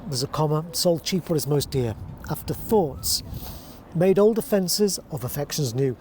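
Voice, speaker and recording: A man teaching how to phrase verse, explaining calmly and reading lines aloud slowly and deliberately. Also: fairly high pitch, slight background noise. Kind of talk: verse-speaking lesson.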